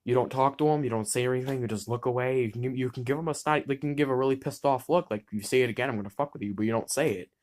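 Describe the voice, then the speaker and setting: A man's voice: medium pitch, fast talker, hardly any pauses, darkish tone. A teenage boy in eleventh grade talking straight to camera about being bullied, blunt and heated, swearing freely and restarting words mid-sentence. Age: teens. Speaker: student vlogger. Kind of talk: impassioned personal monologue.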